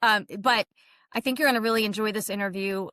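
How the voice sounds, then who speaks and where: A woman's voice: medium pitch, fairly even intonation, fast, bright, forceful tone, no room sound. Woman podcast host, enthusiastic and chatty, dry close mic. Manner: chatty, enthusiastic, laughs at herself. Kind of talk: podcast intro monologue.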